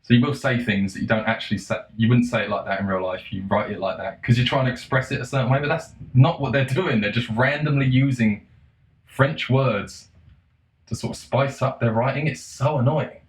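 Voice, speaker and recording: A man's voice: medium pitch, brisk, echoey room, poor audio. A man ranting in a casual monologue, exasperated and sarcastic, swearing and laughing between points. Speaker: vlogger.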